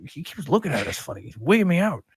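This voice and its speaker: Man doing high jittery horse voices. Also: big pitch swings, fast, husky, dry recording, clean studio sound, exaggerated voice. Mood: nervous. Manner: squeaky, nervous, bickering. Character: two jittery gossiping horses.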